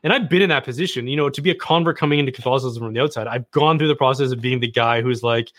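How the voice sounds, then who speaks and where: A man telling a personal story in casual conversation as a podcast guest, animated and self-deprecating. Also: mid-range voice, rapid-fire, dry recording, clean studio sound.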